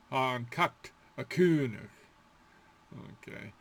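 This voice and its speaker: A man's voice: mid-range voice, animated, slow pace, creaky, pauses often, a bit bright, husky. A man giving a casual language lesson, playfully imitating animal sounds and laughing between them. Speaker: Gaelic teacher.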